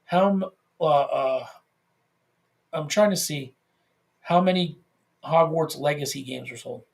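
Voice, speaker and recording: A man's voice: a little high, measured pace, vocal fry, a little mellow. A man co-hosting a casual podcast, talking animatedly, swearing freely and restarting his phrases. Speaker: podcast co-host.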